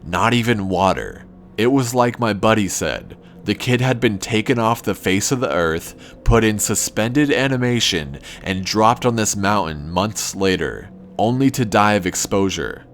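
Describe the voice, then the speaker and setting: A man calmly narrating a first-person horror story in a measured, scripted way. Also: fairly low pitch, slight background noise.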